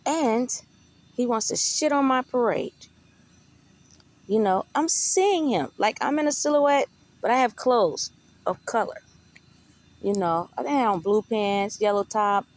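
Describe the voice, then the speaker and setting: Slow-talking woman telling a rambling story. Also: on the high side, animated. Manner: rambling, profane, conversational. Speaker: vlogger. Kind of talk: casual storytelling.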